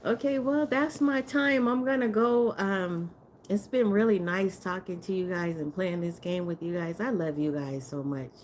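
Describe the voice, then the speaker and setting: A woman's voice: fairly low pitch, moderate pace, a little mellow, a little hiss or hum. A woman chatting casually on a livestream, rambling and laughing often as she talks to her viewers. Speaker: live streamer.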